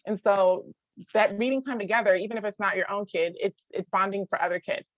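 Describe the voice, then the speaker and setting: A woman's voice: mid-range voice, steady tone, no room sound, highs cut off. Woman in her thirties, chatty parenting talk, many "like"s, close dry sound. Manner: chatty, full of "like" and quick restarts; laughs often and acts out others' voices. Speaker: parenting speaker. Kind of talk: casual talk to a live group.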